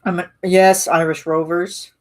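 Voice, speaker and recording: A woman's voice: on the low side, little pitch movement, a little slow. A woman rambling casually in a live-stream chat with her viewers, full of restarts and fillers. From Canada.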